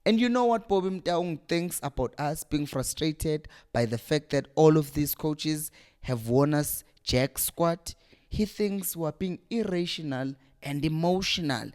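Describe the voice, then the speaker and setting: A man's voice: on the high side, a little slow, a little mellow. A young man hosting a fan channel, ranting with exasperation and hammering rhetorical questions. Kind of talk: passionate fan rant to camera.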